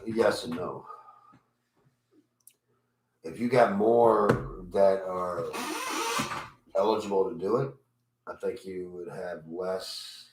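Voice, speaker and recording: Low-voiced agreeable male host. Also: steady tone, slow pace, pauses often. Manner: agreeable, frequent short affirmations. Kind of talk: casual podcast chat. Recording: echoey room with noise.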